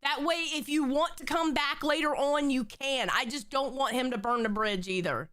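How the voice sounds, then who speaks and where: A woman's voice: high voice, moderate pace, a bit bright. A woman co-hosting a live stream, talking casually and bluntly, with profanity and heartfelt pleading. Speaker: stream co-host.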